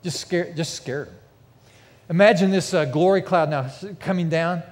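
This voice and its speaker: A man preaching with vivid, emphatic storytelling, his voice sitting a little high for a man. The sound carries a long reverb from a big church hall with a mezzanine. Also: moderate pace. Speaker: pastor. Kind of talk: sermon.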